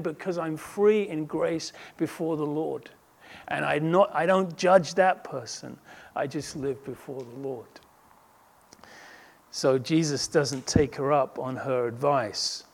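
A man preaching a sermon as a pastor, earnest and emphatic, building intensity through repeated phrases. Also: a little high.

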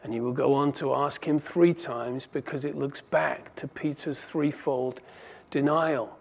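A man's voice: medium pitch, fairly even intonation, measured pace, gravelly. A man preaching a sermon with passion, his delivery swelling and dropping for emphasis. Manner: impassioned, rising and falling in volume for emphasis. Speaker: pastor.

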